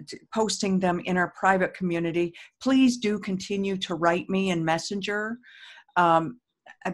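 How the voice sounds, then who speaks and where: Earnest middle-aged woman host. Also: fairly low pitch. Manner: earnest, emphatic, repeats affirmations. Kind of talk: casual talk and guided tapping.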